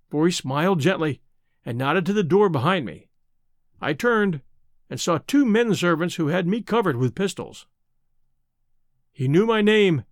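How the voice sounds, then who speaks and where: A man narrating a classic adventure novel in the first person, with measured storytelling. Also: sits high, no echo, clean studio sound. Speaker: audiobook narrator.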